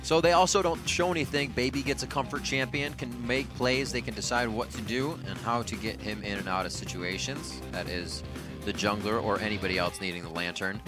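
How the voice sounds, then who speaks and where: A man casting an esports match play-by-play, excitable and jumping in pitch for emphasis. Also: brisk. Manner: excited, jumps high in pitch when stressing points. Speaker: esports caster. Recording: commentary over game music.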